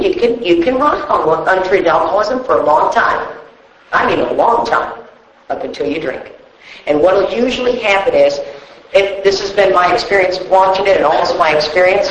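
Woman giving a recovery talk, swears a lot, rambles, roomy echoey sound. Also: fairly low pitch. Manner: blunt, profane, rambling storyteller. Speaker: recovery meeting speaker. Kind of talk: personal testimony talk. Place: room full of people. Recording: echoey room with faint noise.

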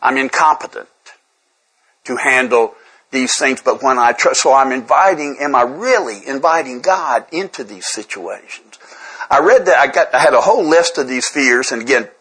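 Man, husky voice, candid recovery talk, conversational, self-deprecating, stumbles and repeats words. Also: medium pitch, lively intonation, normal speed, fairly bright tone, low-quality recording. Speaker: speaker sharing at a twelve-step recovery workshop.

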